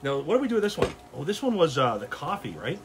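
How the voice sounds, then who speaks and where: Cooking live from his backyard grill outdoors, a man chats with his viewers in a casual, upbeat, jokey stream. His voice is a little high with big pitch swings and a quick pace, with background noise behind it.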